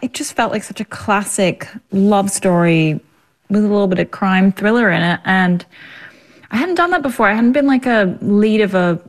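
A woman's voice: mid-range voice, lively intonation, moderate pace. An Australian woman in her thirties, an actress chatting as a guest in an interview, talking freely with frequent laughter. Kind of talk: casual interview.

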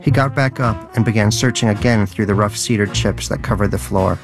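A man's voice: on the low side, a little fast. A man narrating an audiobook story in a dry, wry manner. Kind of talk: scripted narration. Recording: faint background music.

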